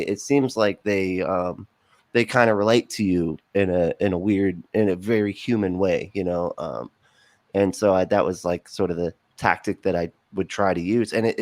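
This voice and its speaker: A man talking casually as a podcast guest, rambling with many fillers and quick laughs. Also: low-pitched, a little mellow, no room sound.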